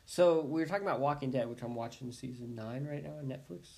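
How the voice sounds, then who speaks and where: Fast-talking, animated podcast co-host. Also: mid-range voice, vocal fry. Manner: animated storyteller, quotes others. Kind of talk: casual chat.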